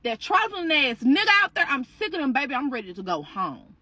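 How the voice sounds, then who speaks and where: A woman's voice: high voice, big pitch swings, brisk, bright, forceful tone, no echo, exaggerated voice. A woman voicing a fed-up young woman who snaps back in angry, repeated lines. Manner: angry and repetitive. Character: fed-up young woman standing her ground.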